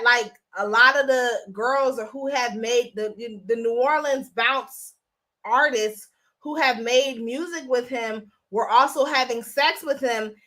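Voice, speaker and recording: A woman with a high, bright voice chats with her live-stream viewers in a loose, blunt way, swearing freely. She talks into a phone. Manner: chatty, blunt, profane. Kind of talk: casual live-stream chat.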